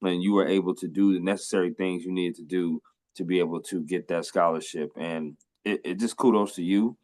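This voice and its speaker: A man's voice: low voice, steady tone, brisk, darkish tone. A man hosting a podcast interview, enthusiastic and affirming, joking and laughing with his guest. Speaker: podcast host. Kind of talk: casual interview.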